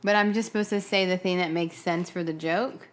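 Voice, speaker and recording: A woman co-hosting a podcast in casual chat, easygoing and teasing back with quick jokes. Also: lowish voice, fairly even intonation. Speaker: podcast co-host.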